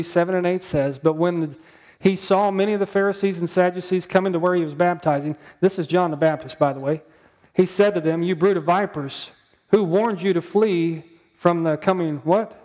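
A man with a somewhat high voice preaches a sermon in an easy, conversational style. He keeps asking his congregation questions and drawing out the words he wants to land. His delivery stays plain and direct. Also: a little mellow. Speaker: pastor.

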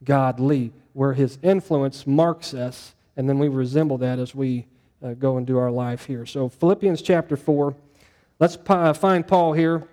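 A man's voice: mid-range voice, moderate pace, warm tone. A middle-aged man preaching a sermon to his congregation in a conversational, folksy way, often asking the room questions. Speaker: pastor.

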